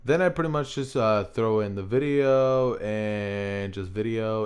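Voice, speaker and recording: A man's voice: lowish voice, a little slow, hardly any pauses, a little mellow, clean tone. Laid-back male YouTuber rambling casually. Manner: laid-back, rambling with fillers and self-mocking asides. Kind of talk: casual video tutorial. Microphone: XLR studio microphone.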